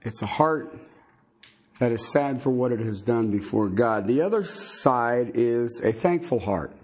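A man teaching a Bible sermon in a halting, conversational way, with many fillers and folksy asides. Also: mid-range voice, lively intonation, a little mellow, slightly rough. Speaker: preacher.

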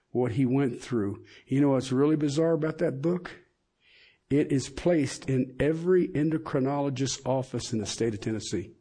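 A man's voice: mid-range voice, warm tone, slightly rough. A middle-aged man preaching a sermon, emphatic and asking the congregation questions.

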